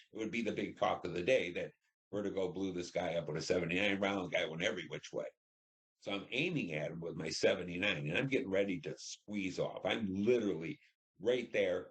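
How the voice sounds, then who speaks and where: An older man with a very low voice tells a war story in an interview. He relives the moment vividly, voicing the others' lines as he goes. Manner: vivid storytelling, acts out radio dialogue. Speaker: Vietnam veteran interviewee. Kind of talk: oral history interview.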